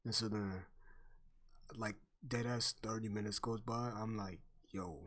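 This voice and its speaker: A man's voice: lowish voice, flat delivery, unhurried, a bit bright. A young man chatting casually on stream, telling a story full of slang and swearing and laughing often.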